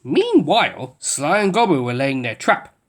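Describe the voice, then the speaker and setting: Expressive woman reading a children's story. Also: deep voice, unhurried. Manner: expressive, lilting. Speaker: storybook reader. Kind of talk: children's story read-aloud.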